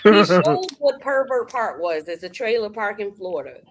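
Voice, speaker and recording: A woman hosting a casual livestream chat, affirming the others and quick to agree. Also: mid-range voice, expressive, a crowd in the background. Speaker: livestream host.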